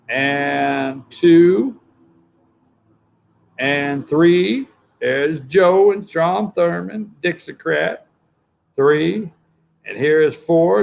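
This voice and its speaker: A man's voice: fairly high pitch, vocal fry. A man hosting a political talk show, rambling through commentary and calling up pictures for his producer. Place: studio.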